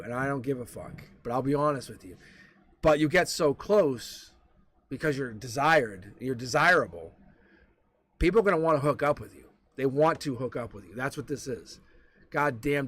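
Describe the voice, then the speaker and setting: A man giving a live-stream tarot reading, talking bluntly and with plenty of profanity as he tells stories to the viewer. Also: medium pitch. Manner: blunt, profane, animated storytelling. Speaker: tarot reader.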